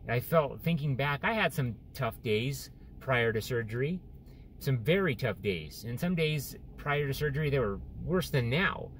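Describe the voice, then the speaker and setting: A man recording a personal video diary about his surgery recovery, speaking haltingly with many restarts, depressed and close to tears. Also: medium pitch, animated, slight background noise. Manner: halting, many restarts and fillers, openly discouraged. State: depressed and tearful. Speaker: vlogger sharing surgery recovery. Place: in and around a store.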